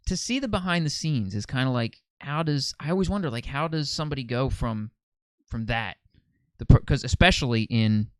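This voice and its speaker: A man hosting a podcast interview, asking questions casually with halting restarts. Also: mid-range voice, lively intonation, no echo. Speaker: podcast host.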